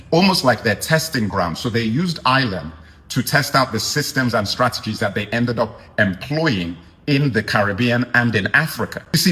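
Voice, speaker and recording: A man hosting a reaction video, talking to viewers in an animated, emphatic way and repeating points for effect. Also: mid-range voice. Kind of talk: casual reaction commentary.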